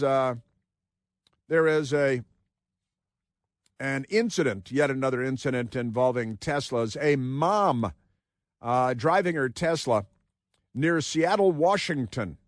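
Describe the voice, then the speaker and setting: A man's voice: medium pitch, no room sound. Dry-sounding sarcastic talk radio man. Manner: combative, sarcastic, mocking asides. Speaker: radio talk show host. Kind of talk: opinionated talk radio monologue.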